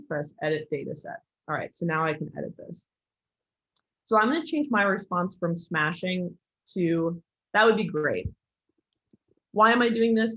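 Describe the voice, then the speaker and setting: An American woman leads a casual online class, talking candidly and chattily with frequent likes and ums. Her voice sits somewhat low for a woman. The recording sounds dull and lo-fi, with the top end muted. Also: husky. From United States. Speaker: instructor.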